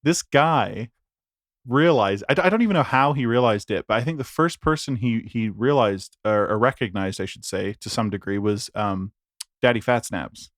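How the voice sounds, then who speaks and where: A man's voice: medium pitch, moderate pace, dry recording, clean studio sound. A young man co-hosting a podcast, telling stories in a rambling, laughing, casual chat. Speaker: podcast co-host.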